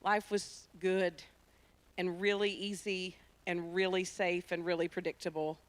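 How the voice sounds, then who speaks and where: A woman's voice: on the low side, measured pace. Woman telling an emphatic testimony. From Tennessee, USA. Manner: lively, emphatic storytelling. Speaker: ministry founder and speaker. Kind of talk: personal testimony talk. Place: church sanctuary.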